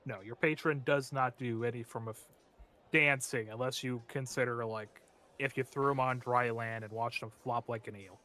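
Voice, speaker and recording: A man's voice: mid-range voice, steady tone, normal speed, pushed and bright. A man running a tabletop game online as game master, playful and a little rambling.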